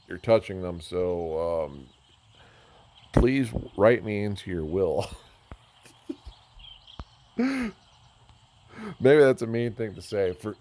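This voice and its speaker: Deep-voiced man rambling over gameplay. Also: a little mellow. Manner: rambling, self-mocking, easily sidetracked. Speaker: gamer touring a build. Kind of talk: casual game commentary.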